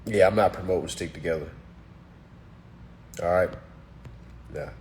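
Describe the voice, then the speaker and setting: A man with a low, slightly mellow voice speaks at a measured pace over a faint hiss or hum. Hosting a casual livestream monologue, he answers viewer comments bluntly and preachily, hammering single words, repeating his points and often checking in with "all right?"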